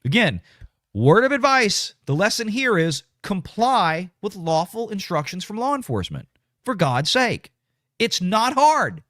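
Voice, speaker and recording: A man's voice: high voice, big pitch swings, unhurried, fairly bright tone, no room sound, studio quality. A man hosts a casual political commentary livestream, blunt and ranting as he reads viewer comments. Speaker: show host reading super chats.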